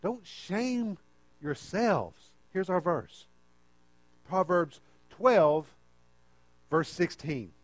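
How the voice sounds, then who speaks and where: A man's voice: sits high, sing-song, drawn-out words, pauses often, no echo. A man preaching a conversational sermon and often checking in with the listeners.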